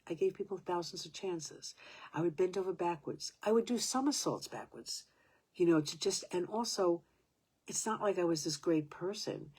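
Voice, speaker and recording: Brief: woman, 70s, low husky voice, halting personal storytelling, breaks into whispers. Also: darkish tone. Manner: halting, restarting sentences, sometimes dropping to a whisper.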